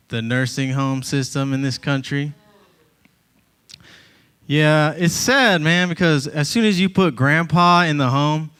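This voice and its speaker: A man's voice: medium pitch, a bit bright, clear, resonant tone. A man from Georgia performing a stand-up comedy set on a club stage, wry and conversational, into a handheld mic.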